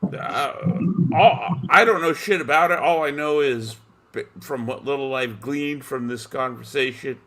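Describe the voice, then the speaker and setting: A man's voice: mid-range voice, measured pace, a bit bright. A man joining a livestream as a guest, rambling and stumbling over his words. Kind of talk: casual livestream chat.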